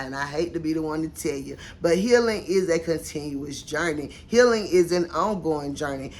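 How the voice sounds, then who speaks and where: A middle-aged woman coach talking straight to her viewers in a folksy, encouraging vlog, slowing and softening on the points that matter. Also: lowish voice. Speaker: mindset coach. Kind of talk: motivational vlog talk.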